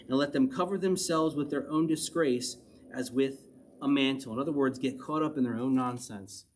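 A man teaching verse by verse from the Bible, reading passages aloud and then explaining them in a relaxed, conversational way. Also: mid-range voice, moderate pace, slight background noise. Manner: reads scripture then explains it conversationally, with little chuckles.

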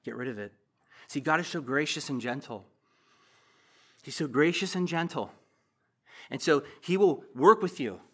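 A middle-aged man preaching a sermon as a pastor in a church, passionate, with loud emphatic bursts and quiet asides. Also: a little high, expressive, measured pace, long pauses, slightly rough.

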